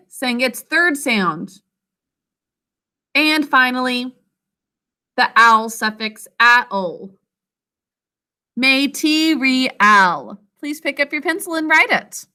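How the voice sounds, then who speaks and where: A woman teacher leading a spelling lesson, sounding out words slowly syllable by syllable and calling on students by name. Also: fairly high pitch, pushed and bright. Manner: slow, deliberate dictation, sounding out words syllable by syllable.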